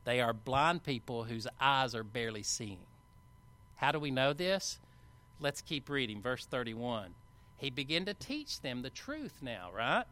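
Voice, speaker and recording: A man preaching a sermon, retelling a Bible passage with animated, acted-out quotes and casual asides. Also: mid-range voice, a little slow. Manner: animated Bible storytelling, acting out quoted lines; conversational asides with fillers.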